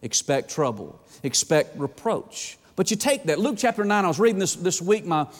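A male pastor preaching a sermon with fervor, swinging between urgent bursts and slow, hushed emphasis. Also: high voice, very animated, long reverb tail.

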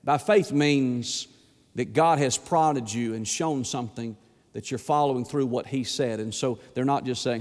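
A man preaching a sermon as pastor, impassioned and repeating words as he builds, then dropping to a hushed plea. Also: medium pitch, a little slow, in a large hall.

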